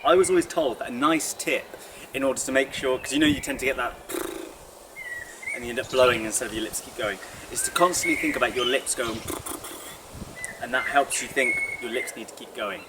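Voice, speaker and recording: A young man leading a guided vocal warm-up, chatty and encouraging. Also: medium pitch, a little fast. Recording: distant mic with audible noise.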